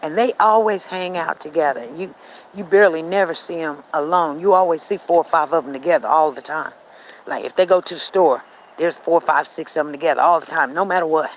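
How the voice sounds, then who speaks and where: A woman vlogging on an outdoor walk, telling stories in a chatty, animated way and talking straight to her viewers. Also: low-pitched, a little fast, slight background noise, rough recording. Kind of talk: casual storytelling to viewers.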